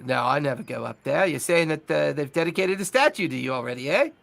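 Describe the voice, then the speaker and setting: A man's voice: fairly high pitch, animated, quick pace, vocal fry, a bit bright. A man voicing a cheeky, chatty mouse-folk cleric with a Cockney accent in a tabletop game. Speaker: game master.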